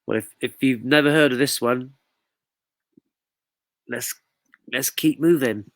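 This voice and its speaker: A man's voice: mid-range voice, slow pace, fairly bright tone, dry recording. Chatty man hosting a quiz. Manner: chatty, reads out viewer comments, jokey. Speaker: quiz host. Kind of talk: casual live quiz chat.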